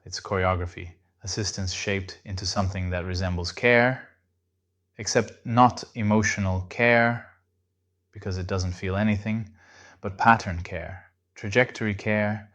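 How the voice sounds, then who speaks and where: Low-voiced man narrating a reflective essay. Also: fairly bright tone. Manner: measured, reflective. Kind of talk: scripted narration.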